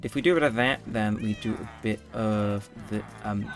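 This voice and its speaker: A gaming YouTuber gives casual gameplay commentary, rambling and correcting himself as he plays. His voice is on the low side at a normal speed, with faint music in the background.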